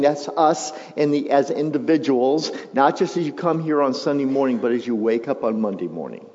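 A male pastor preaching a sermon, moving from quiet, reflective passages to loud, emphatic build-ups. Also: medium pitch, normal speed, few pauses. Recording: muffled sound with long hall reverb.

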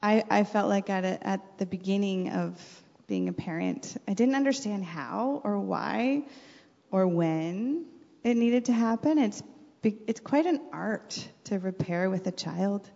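A middle-aged woman and mother telling personal stories in an earnest, faith-centered way, animated when retelling. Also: medium pitch, unhurried, gravelly. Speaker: mother and podcast guest. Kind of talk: reflective personal storytelling. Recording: dull recording with long reverb.

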